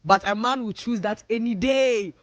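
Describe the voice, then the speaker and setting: A woman's voice: fairly high pitch, moderate pace, no room sound. A woman radio host with a Ghanaian accent, chatting casually and playfully mimicking her friends' voices. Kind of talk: casual radio talk mixing English and Twi. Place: radio studio.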